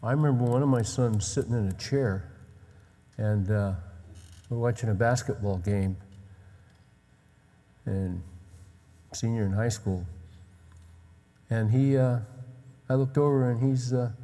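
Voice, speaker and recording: An older man preaching a sermon, telling personal stories with frequent halting fillers. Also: mid-range voice, dark tone. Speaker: pastor. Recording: long reverb of a large hall.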